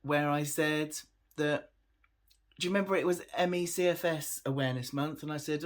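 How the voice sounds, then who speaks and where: A man's voice: fairly high pitch, fairly even intonation, normal speed. A tired man chatting casually to his camera as a vlogger, laughing often and making fun of himself. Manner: chatty, laughs often, self-deprecating, trails off.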